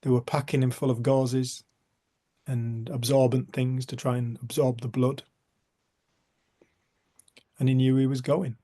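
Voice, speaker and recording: Man, middle-aged, mellow tone, heartfelt, soft near-whispers, video call. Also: mid-range voice, little pitch movement, measured pace, pauses often. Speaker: group facilitator. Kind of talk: personal storytelling.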